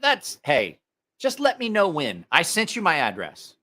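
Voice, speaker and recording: Man ranting, angry and profane, bright forceful voice, pitch swinging up and down, slightly high. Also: huge pitch swings, measured pace. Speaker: knife channel host. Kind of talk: heated opinion rant to camera.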